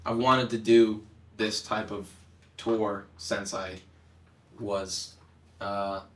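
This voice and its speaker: A young man answering interview questions in a relaxed, halting way, voice slightly hoarse. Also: lowish voice. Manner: relaxed, halting, filler-heavy. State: slightly hoarse after singing. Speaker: musician guest. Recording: echoey room, a bit far from the mic.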